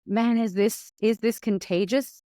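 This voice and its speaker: Woman guest, fast and lively talker who voices her own thoughts aloud; dry, close sound. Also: on the high side, clean tone, no echo. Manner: fast, impatient, acts out her inner voice. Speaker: podcast guest. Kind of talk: animated conversational storytelling.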